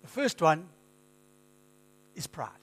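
High-voiced pastor preaching conversationally. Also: male voice, slow. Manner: conversational storytelling, animated quoting. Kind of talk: sermon.

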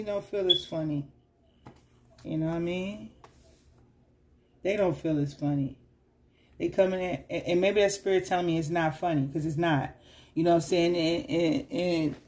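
A woman giving a casual tarot reading to her viewers, chatty and slangy, teasing and scolding the listener and often asking "you know what I'm saying?". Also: lowish voice. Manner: teasing and scolding the listener with sudden loud bursts. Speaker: tarot reader.

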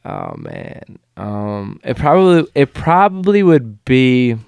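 A man's voice: mid-range voice, wildly swooping pitch, takes it slowly, creaky, darkish tone, clear, resonant tone, no echo. A man chatting casually as a podcast guest, laid-back and profane, with lots of fillers and restarts. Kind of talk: casual chat.

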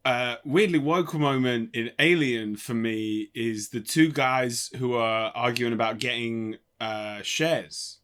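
A man's voice: mid-range voice, fairly even intonation, slow, hardly any pauses, fairly bright tone, clean tone. A man co-hosting a casual film podcast, rambling and swearing easily. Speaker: podcast co-host.

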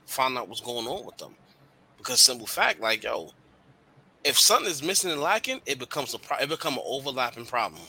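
A young man hosts a casual podcast and speaks bluntly about relationships. His voice is very bright, and his talk is loose, slangy and full of swearing. He gets animated as he makes his points. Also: mid-range voice, brisk, husky. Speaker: podcast host.

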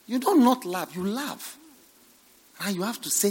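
A male preacher delivering a revival sermon. He swings from hushed asides to shouted points and repeats his phrases for emphasis. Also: sits high, expressive, moderate pace, breathy edge. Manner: dramatic swings between hushed and shouted lines.

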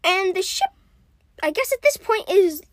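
A woman's voice: extremely high pitch, lively intonation, a little slow, no room sound, studio quality. A woman co-hosting a podcast, chatty and giggly, recapping with lots of fillers. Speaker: podcast co-host.

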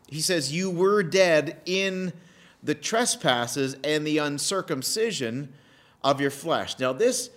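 Lively, emphatic male preacher. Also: fairly high pitch. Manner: animated, emphatic preaching with pauses and repetition. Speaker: pastor. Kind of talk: sermon.

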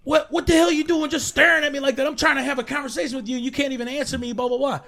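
A man voicing his startled, irritated stepfather in a story, speaking loudly and fast. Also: extremely high pitch, fairly even intonation, vocal fry, pitched above the performer's own voice, exaggerated voice. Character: gruff startled middle-aged stepfather, agitated.

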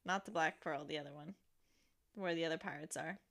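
Woman podcast co-host, bright voice, playful interjecting sidekick. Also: deep voice, a little fast, vocal fry. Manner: chimes in, finishes the other's lines. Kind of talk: casual film recap.

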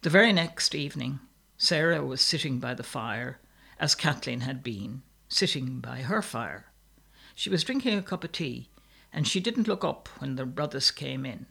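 A man reading a story aloud in a measured, steady narration. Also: medium pitch, creaky, breathy edge.

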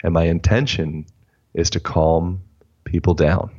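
A man's voice: low-pitched, steady tone, unhurried, a little mellow, breathy edge, highs cut off. A man talking as a guest expert on an interview show, thinking aloud with frequent restarts. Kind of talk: casual interview chat.

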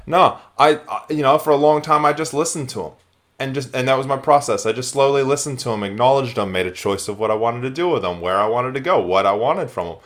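A man hosting a podcast speaks in a mid-range voice. His manner is animated and enthusiastic. He often slips into quoted dialogue, playing out both sides of a conversation as he talks. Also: medium pitch. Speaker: podcast host.

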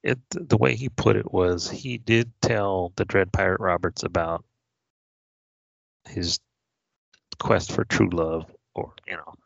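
Deep gravelly man chatting about a film. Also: fairly even intonation, slow pace, long pauses, no echo. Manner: laid-back, agreeable, explains the plot. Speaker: podcast co-host. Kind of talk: casual film chat. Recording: dull lo-fi sound.

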